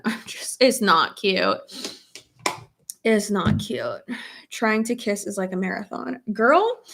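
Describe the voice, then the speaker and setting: A beauty vlogger, a young woman whose nose is stuffed from a cold, does a casual get-ready-with-me chat at her makeup table at home, blunt and loose, swearing freely and reading comments aloud. Her mid-range voice has vocal fry and a fairly bright tone.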